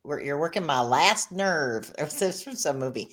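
A woman hosting an interview, asking questions and telling personal anecdotes with lively reactions. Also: low voice, normal speed. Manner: animated storytelling, reacting with short exclamations. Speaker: interview host. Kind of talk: conversational interview.

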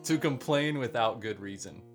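Laughing podcast host reading definitions. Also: male voice, mid-range voice, moderate pace, soft background music. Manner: reads out definitions, laughing and teasing. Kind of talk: casual podcast banter.

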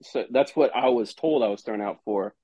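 A man's voice: medium pitch, moderate pace, a crowd in the background. A man, a former college ballplayer telling stories casually and acting out quotes. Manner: animated, rambling, acts out quoted exchanges. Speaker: former college baseball player, guest. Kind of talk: casual podcast storytelling. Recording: dull lo-fi sound, dry.

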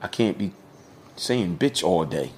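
A man's voice: deep voice, lively intonation, measured pace, darkish tone, a little hiss or hum. A middle-aged man, a podcast guest, talking candidly and casually with slang, swearing now and then. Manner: candid, storytelling, peppered with slang and cussing.

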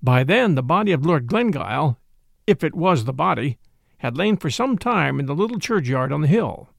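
Gravelly, expressive male storyteller. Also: on the high side, normal speed, no room sound. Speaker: narrator. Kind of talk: scripted audiobook narration.

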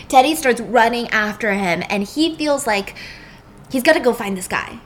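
A woman host casually retelling a film plot, animated and emphatic. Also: a little high, moderate pace, slight background noise. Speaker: podcast host. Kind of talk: casual film recap storytelling.

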